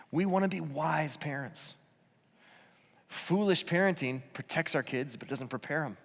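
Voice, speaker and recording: A man preaching a conversational sermon in a church, earnest and self-deprecating, often restarting his sentences. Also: mid-range voice. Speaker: pastor. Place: church auditorium. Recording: reverberant church hall.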